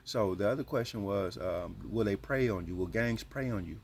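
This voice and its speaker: Lowish-voiced guy, casual advice talk to subscribers, slangy and earnest. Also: moderate pace, slight background noise. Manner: earnest, slangy, repeats points. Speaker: channel host giving advice.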